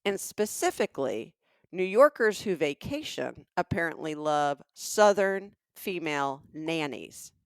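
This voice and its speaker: A woman's voice: sits low, lively intonation, measured pace, clean tone, no room sound, studio quality. A middle-aged woman from Alabama co-hosting a casual comedic podcast, telling stories and asking emphatic rhetorical questions. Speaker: podcast co-host.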